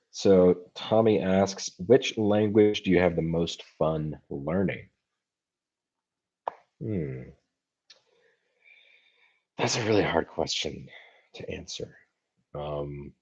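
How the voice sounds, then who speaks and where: A very deep-voiced American man chats through viewer questions on his livestream, thinking aloud with plenty of ums and restarts. His voice is dark and a little husky. The stream audio sounds dull and muffled. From United States. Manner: thoughtful, halting, many fillers and restarts. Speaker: language-learning channel host. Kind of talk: livestream Q&A chat. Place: home, streaming live. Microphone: computer mic for a livestream.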